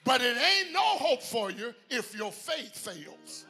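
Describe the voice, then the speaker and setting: A man preaching a sermon in a sing-song whooping style, shouting his climaxes and calling out to the congregation. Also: very high-pitched, very animated, slow pace, vocal fry, soft background music. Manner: calls out to the congregation.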